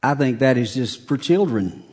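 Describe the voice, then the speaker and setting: A middle-aged male pastor preaching a sermon in a folksy, joking way, with big swings between loud and soft. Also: medium pitch, expressive, moderate pace, breathy edge.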